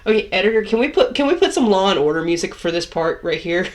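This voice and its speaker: A woman's voice: medium pitch, animated, quick pace. A woman hosting a game let's play, talking casually with frequent hesitations and fillers. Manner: hesitant with many fillers in the quiet intro, upbeat greeting after. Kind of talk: gameplay commentary. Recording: loud game music behind.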